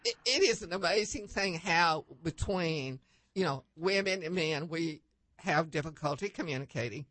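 Animated woman storyteller, dry sound. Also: moderate pace, dry recording. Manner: animated storyteller, pitch leaps up for emphasis, many restarts. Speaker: guest panelist. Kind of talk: anecdotal storytelling in a talk show.

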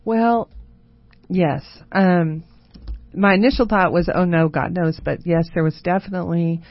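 Guest woman, lowish voice, storytelling with easy laughs, dry and slightly dull recording. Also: fairly even intonation, measured pace, no room sound. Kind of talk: casual chat.

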